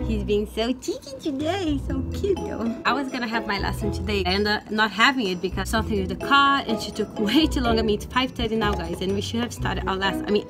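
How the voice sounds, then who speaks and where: A young woman, chatting casually to camera as a mum vlogging at home. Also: fairly high pitch. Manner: chatty, rambling, with frequent "anyways" and "guys". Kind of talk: casual vlog chat to camera. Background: background music.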